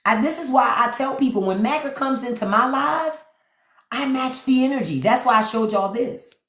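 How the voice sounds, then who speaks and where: A woman's voice: high voice, normal speed, a bit bright. A woman hosting a livestream, giving blunt, profane, mocking commentary straight to her viewers. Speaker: livestream host. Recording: roomy echo.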